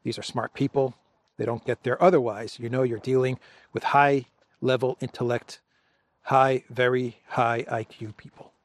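A man's voice: mid-range voice, fairly even intonation, normal speed. A man hosting a political commentary show, talking casually and wryly, chuckling, with loose restarts.

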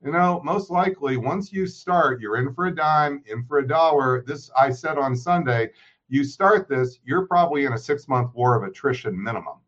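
A man's voice: medium pitch, lively intonation, normal speed, a bit bright. A man, a political scientist, giving emphatic lecturing analysis in an interview, dropping his voice on grave points. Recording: muffled remote audio.

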